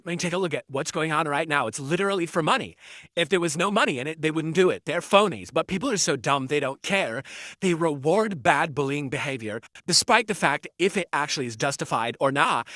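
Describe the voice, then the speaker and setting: A man livestreams from home in a bright, forceful voice, reading out tips and gloating at his haters. His talk runs on in long, self-justifying stretches. The sound is close and dry, with no room around it. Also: a little high, dry recording. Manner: mocking, gloating toward trolls; rambling, self-justifying monologue. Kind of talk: casual stream chat.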